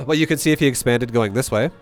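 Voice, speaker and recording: A man's voice: mid-range voice, lively intonation, moderate pace, creaky, soft background music. A man coaching a player through a replay in casual, blunt commentary, cursing freely and hammering his points home by repeating them. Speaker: StarCraft coach.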